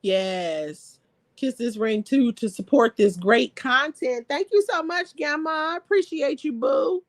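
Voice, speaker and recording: Woman, live stream host, casual chat, reads comments, laughs often, somewhat high pitch. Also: lively intonation, unhurried, no echo.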